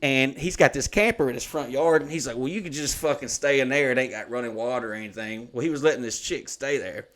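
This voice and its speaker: A man's voice: medium pitch, fast, few pauses, fairly bright tone. A man, telling stories in a rambling, profane, laid-back way as co-host of a casual chat. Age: 30s. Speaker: podcast co-host.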